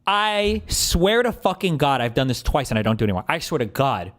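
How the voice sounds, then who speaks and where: A man's voice: medium pitch, fairly quick. A man commenting casually on clips as a streamer, swearing and exasperated as he tells stories. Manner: swearing, exasperated, animated storytelling.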